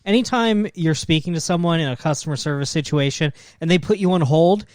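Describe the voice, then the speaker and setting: A young man co-hosting a podcast, telling jokes in a deadpan way between laughs. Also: fairly high pitch, fairly quick, no room sound, studio quality. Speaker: podcast co-host. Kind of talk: casual comedic chat.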